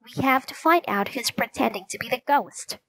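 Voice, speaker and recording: A woman voicing a quick-witted young girl detective in a storybook reading, with an eager, bright kid voice. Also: a little high, animated.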